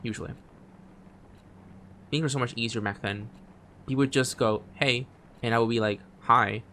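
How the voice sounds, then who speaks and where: A man streaming a game, reading its text aloud, often stumbling and restarting phrases and dropping quiet asides. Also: medium pitch, fairly even intonation, fairly quick, slight background noise. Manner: drops quiet asides between read lines.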